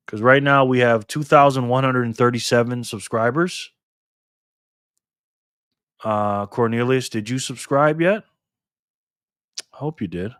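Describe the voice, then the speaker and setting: A man hosting a live stream and reading out viewer comments in casual chat, excitable and chatty, his pitch and volume swinging widely. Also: a little slow, pauses often, clear, resonant tone, no echo, clean studio sound.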